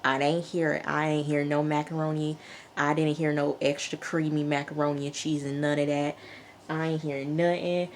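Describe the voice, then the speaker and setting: A woman reviewing a TV episode in a chatty, animated way, laughing often and talking straight to her viewers. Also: low voice, normal speed, a little hiss or hum. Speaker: TV show reviewer. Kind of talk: casual review vlog.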